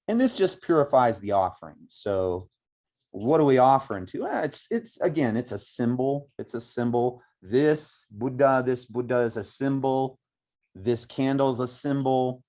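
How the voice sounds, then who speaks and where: A middle-aged man teaching meditation outdoors, explaining slowly and reflectively with many pauses and restarts. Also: mid-range voice, warm tone. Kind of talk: spoken meditation instruction. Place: outdoors by woods.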